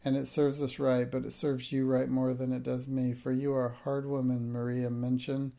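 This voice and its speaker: A man's voice: mid-range voice, monotone, moderate pace, gravelly, dark tone, close to an everyday voice. A man reading the part of a timid middle-aged schoolmistress, her lines turning tearful and hysterical. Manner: pleading, breaking into hysterical outbursts.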